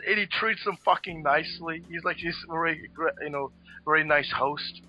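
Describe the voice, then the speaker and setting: A man's voice: fairly high pitch, steady tone, a little fast, pushed and bright. A man co-hosting a podcast, telling history stories in a rambling, swear-heavy casual chat. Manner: rambling storyteller, lots of swearing and fillers. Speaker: podcast co-host. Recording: dull lo-fi podcast audio with faint music.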